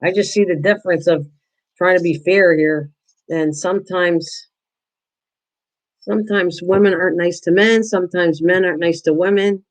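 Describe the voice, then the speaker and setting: A woman's voice: lowish voice, fairly even intonation, normal speed, rough recording. Chatty older woman crafting on a livestream. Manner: chatty, answers viewers by name, frequent restarts. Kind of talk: casual livestream chat while crafting.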